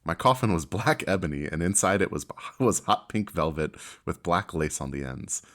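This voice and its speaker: A young man with a very low, deep voice co-hosts a casual podcast. He reads silly passages aloud in a deadpan, mock-dramatic way and often laughs. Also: normal speed. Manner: laughs while reading, deadpan dramatic delivery. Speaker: podcast co-host. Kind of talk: casual podcast chat, reading fanfic aloud.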